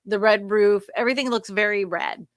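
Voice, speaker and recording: A woman's voice: medium pitch, steady tone, no echo. A woman co-hosting a livestream, giving direct, casual coaching feedback on video thumbnails. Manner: direct coaching, quick asides.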